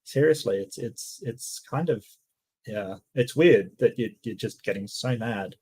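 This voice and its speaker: A man with an Australian accent and a husky, fairly low voice. He talks in an easygoing, teasing way on a casual online panel. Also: animated, unhurried, darkish tone.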